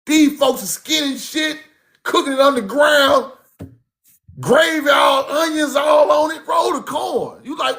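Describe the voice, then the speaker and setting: A man with a high-pitched voice tells stories in a loose, casual monologue. He swears freely and circles back over the same points to drive them home. His delivery is animated and conversational. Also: measured pace, creaky, raised voice. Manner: animated, profane, repeats himself for emphasis. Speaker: speaker recounting his grandmother's teachings.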